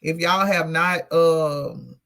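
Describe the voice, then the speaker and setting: This is a woman hosting a casual livestream who talks to her viewers like friends. Her delivery is blunt and loose, with plenty of swearing. The voice is gravelly, with a bright, forceful tone. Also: deep voice, takes it slowly. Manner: blunt and profane, talks straight to chat. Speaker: livestream host.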